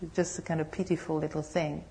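A Buddhist nun gives a dharma talk to a meditation group. She tells humorous, animated stories in a slightly low voice. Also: fast, vocal fry.

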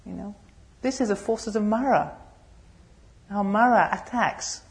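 Humorous Buddhist nun giving a dharma talk. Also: female voice, mid-range voice, a little slow. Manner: humorous, animated storytelling. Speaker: Buddhist nun and meditation teacher.

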